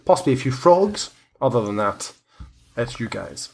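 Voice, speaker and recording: A man's voice: mid-range voice, sing-song, moderate pace, gravelly, a little mellow, breathy edge. A man running a tabletop game as game master, describing scenes with many fillers and restarts. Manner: rambling, hesitant descriptions.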